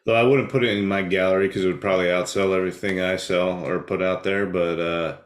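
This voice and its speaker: A man's voice: deep voice, steady tone, fast talker. A man co-hosting a casual podcast, chatting with profane, laughing banter. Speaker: podcast co-host. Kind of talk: casual chat. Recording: roomy echo.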